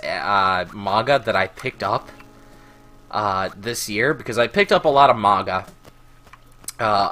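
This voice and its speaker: A man of medium pitch and a bright, forceful tone narrates his let's play. He rants and tells stories while gaming, swearing heavily in casual commentary.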